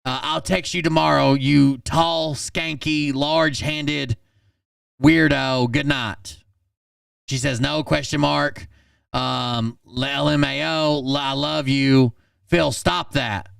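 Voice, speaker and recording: A man with a fairly high, heavily gravelly voice reads text messages aloud in a flat, deadpan way and breaks in with blunt asides. He talks slowly. The sound is dry and set back from the mic. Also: no room sound, recorded from a distance. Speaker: channel host reading text messages. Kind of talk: reading messages aloud with commentary.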